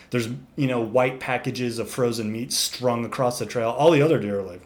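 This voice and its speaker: A man's voice: medium pitch, normal speed. Man telling a wild story casually. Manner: animated, swearing, acting out animals. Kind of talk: casual podcast chat.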